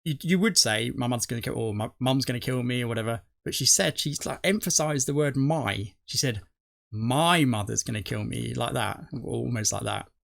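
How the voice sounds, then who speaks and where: A man's voice: mid-range voice, fairly quick, gravelly, few pauses, fairly bright tone. A middle-aged man, rambling through his theories on a reaction video and correcting himself as he goes. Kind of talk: casual rambling commentary.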